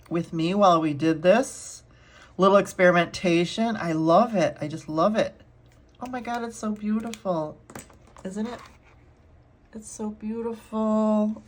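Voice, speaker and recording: A woman art vlogger chatting casually to herself and her viewers while painting, gushing and laughing often. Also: mid-range voice.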